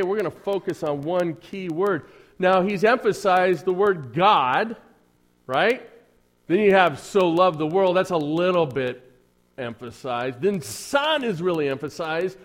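Here a pastor with a high, expressive voice speaks a little slowly through his Sunday sermon. His church talk is conversational and humorous, full of dry sarcasm and rhetorical questions aimed at the congregation.

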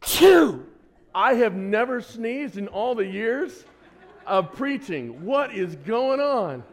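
A man preaching a sermon as pastor, lively and conversational, who quizzes the congregation and throws in joking asides. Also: high-pitched, slow pace. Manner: lively, asks the congregation questions, self-deprecating asides.

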